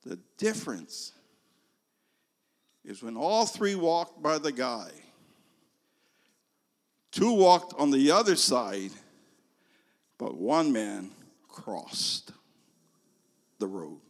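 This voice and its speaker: An older man preaching a sermon, telling a story slowly and moving between loud emphasis and hushed, near-whispered lines. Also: medium pitch, very animated. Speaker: pastor. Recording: long reverb of a large hall.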